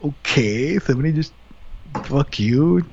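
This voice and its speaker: A man's voice: a little high, measured pace, vocal fry, a little hiss or hum. Profane man telling a story, dull lo-fi audio. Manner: profane, animated retelling with quoted asides. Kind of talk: casual storytelling chat.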